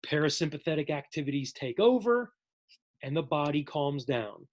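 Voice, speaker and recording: A man's voice: on the high side, very animated, normal speed. A man teaching a psychology lesson in a casual, jokey recorded lecture, addressing his viewers as folks.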